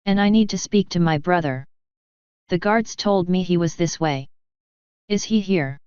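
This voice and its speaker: A woman's voice: fairly low pitch, a little slow, darkish tone, clear, resonant tone, no room sound, lo-fi sound, lightly acted. Woman reading an icy, furious unicorn mare. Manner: clipped, cold and cutting.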